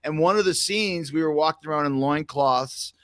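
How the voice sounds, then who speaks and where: A man's voice: a little high, normal speed, fairly bright tone, clear, resonant tone, no echo. Rambling storytelling man, dry sound. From Canada. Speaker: podcast host. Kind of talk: casual chat.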